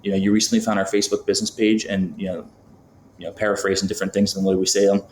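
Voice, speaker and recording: A man's voice: low-pitched, level tone, very fast, a little hiss or hum. A man from Florida, a podcast guest talking casually with lots of fillers and acting out sample phone calls. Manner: chatty, many fillers, acts out phone calls. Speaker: podcast guest, business founder. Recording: roomy, faint background ambience.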